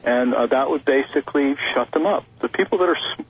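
A man's voice: mid-range voice, a little fast, husky, dry recording. A man calling in to a talk radio show, rambling with fillers and restarts, heard over a phone line. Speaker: caller. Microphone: telephone.

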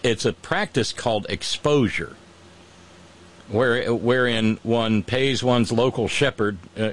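A man in a casual chat who retells ancient myths with relish and irreverence. He talks in an animated, loose way, dropping in quick character voices. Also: mid-range voice.

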